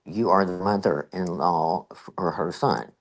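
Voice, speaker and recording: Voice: low-pitched, measured pace. A host giving casual, rambling, exasperated reaction commentary on a clip.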